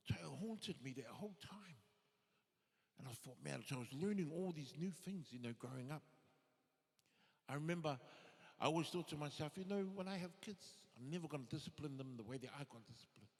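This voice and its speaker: A male comedian telling stories as stand-up comedy, lively and acting out the people he quotes. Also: fairly high pitch, fairly quick, creaky. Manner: animated, acts out quoted voices. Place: live show in an arts and events centre. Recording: reverberant theatre hall.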